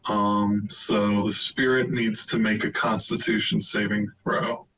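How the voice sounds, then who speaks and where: A man's voice: lowish voice, little pitch movement, a little slow, bright, forceful tone, rough recording. A man playing a tabletop game, laid-back, reading out his rolls and spells. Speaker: player.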